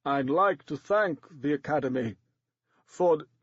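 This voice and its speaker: A man voicing a pale, dying male film actor who speaks weakly and haltingly, in a dry, slightly dull recording. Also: a little high, slightly rough, no echo. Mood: feeble. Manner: weak, faltering.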